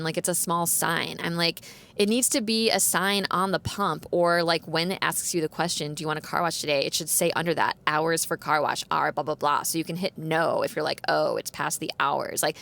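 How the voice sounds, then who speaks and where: A woman hosting a podcast, telling a story in a chatty, animated way and filling her speech with "like.". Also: lowish voice, vocal fry. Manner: chatty, says "like" constantly, animated retelling with quoted dialogue. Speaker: podcast host. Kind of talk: casual storytelling chat.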